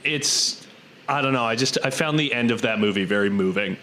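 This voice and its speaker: A man co-hosting a podcast, chatting casually about films in a relaxed, thoughtful way with lots of "um"s. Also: mid-range voice, brisk, a little hiss or hum. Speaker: podcast co-host. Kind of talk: casual film chat.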